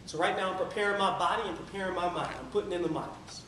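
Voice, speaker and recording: Energetic man giving a speech, echoey room. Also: sits high, very fast. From Tampa area. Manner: energetic storytelling, sings a few lines. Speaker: public speaker. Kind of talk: motivational speech. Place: meeting room. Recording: echoey room from far off, faint noise.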